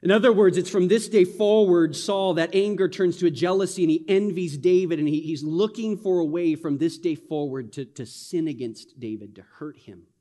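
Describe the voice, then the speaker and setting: A middle-aged male pastor preaching a sermon in an animated, conversational way with frequent restarts. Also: on the high side, moderate pace, hardly any pauses, long reverb tail.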